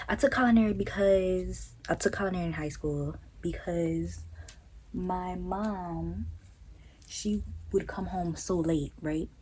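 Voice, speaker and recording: A young woman telling a story to her vlog audience in a blunt, profane, animated way, sometimes jumping to high incredulous tones. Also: a little hiss or hum, rough recording. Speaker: vlogger. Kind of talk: casual storytelling rant.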